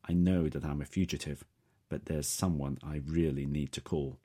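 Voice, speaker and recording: A man narrating a first-person story in a steady, measured way. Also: extremely low pitch. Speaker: audiobook narrator.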